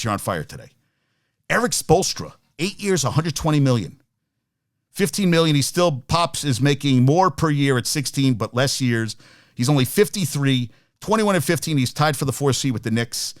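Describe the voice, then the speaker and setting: A man's voice: medium pitch, no room sound, clean studio sound. A man hosting a casual sports talk stream, rambling and joking, swearing freely as he reads and answers viewer comments.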